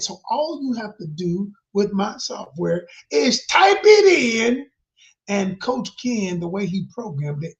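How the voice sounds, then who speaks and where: A man working as a relationship coach, talking emphatically to viewers and calling them y'all, swinging from loud to whispered like a preacher. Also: sits high, big pitch swings, unhurried, vocal fry. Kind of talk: live-stream promotional talk. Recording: dull lo-fi sound.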